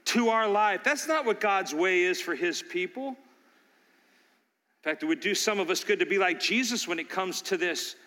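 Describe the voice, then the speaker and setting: An older man preaching from the pulpit, telling stories that swell into loud, animated bursts. His voice is bright and sits fairly high. The long reverb of a church hall trails behind his words. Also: moderate pace. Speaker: pastor. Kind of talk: sermon. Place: church sanctuary.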